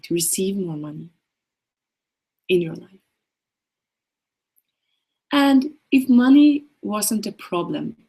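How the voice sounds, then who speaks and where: A middle-aged woman with a Swedish accent, hosting a casual coaching talk in a gentle, playful way full of questions. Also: mid-range voice, husky. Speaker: coach hosting a live session.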